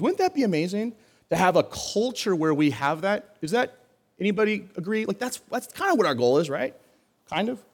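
A young man gives a relaxed, conversational sermon. He has a slightly higher-pitched voice, and he acts out quoted dialogue with quick shifts, full of "like" and "I mean". He talks as if to a congregation. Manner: animated storyteller acting out quoted dialogue, frequent fillers and laughs. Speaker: pastor.

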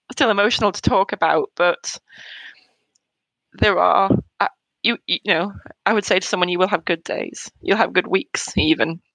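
A woman in her thirties, a bereaved mother in an interview, talking in a hesitant, halting way with soft laughs between thoughts. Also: mid-range voice, no echo, poor audio. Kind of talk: emotional personal conversation.

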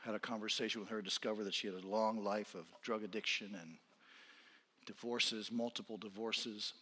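A man preaching a sermon as a pastor in a church, swinging from intense, almost shouted appeals down to quiet, soft-spoken lines. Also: on the low side, big-room sound. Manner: impassioned, rising to near-shouting then dropping quiet. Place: church sanctuary.

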